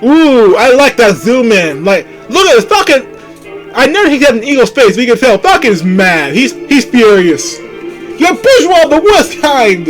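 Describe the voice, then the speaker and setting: High-voiced incredulous game streamer. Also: male voice, sing-song, normal speed, soft background music, rough recording. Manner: incredulous, slangy. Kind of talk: casual let's play commentary.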